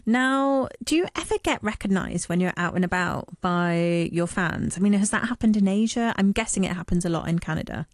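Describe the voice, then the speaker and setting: A woman hosting a live radio interview, upbeat and quick to laugh. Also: medium pitch, expressive, dry recording, studio quality. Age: adult parent. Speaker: radio host.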